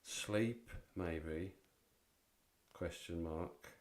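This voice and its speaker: Male streamer, middle-aged, lower voice, rambling and playful. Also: drawn-out words. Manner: jokey, rambling, repeats himself. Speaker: live streamer. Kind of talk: casual chat.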